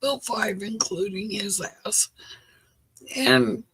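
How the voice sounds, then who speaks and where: A woman's voice: mid-range voice, slow, creaky, fairly bright tone, breathy edge, poor audio. A middle-aged woman hosting a livestream, telling stories in casual chat and laughing often. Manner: chatty storyteller, laughs often. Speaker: livestream host.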